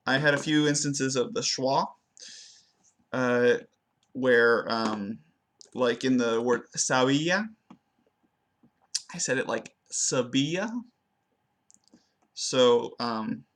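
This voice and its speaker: Young male student, unhurried, halting self-review of his pronunciation, lots of ums and restarts. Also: medium pitch, fairly even intonation, fairly bright tone. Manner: hesitant, many fillers and restarts, slows down to demonstrate words. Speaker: language student. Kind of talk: spoken self-assessment of pronunciation.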